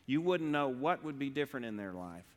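A man's voice: medium pitch, very animated. Earnest man in a reverberant church. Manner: earnest, halting, with frequent restarts and slow pauses. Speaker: lay speaker at a church service. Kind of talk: earnest devotional talk. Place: church sanctuary.

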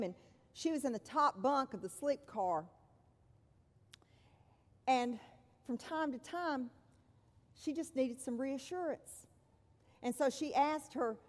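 A woman preaching to her congregation in a high, unhurried voice, weighing each phrase. She often drops into a soft, hushed tone to land a point. Her words ring out with a long reverb from a large hall. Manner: measured, dropping to soft hushed tones for emphasis. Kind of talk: sermon.

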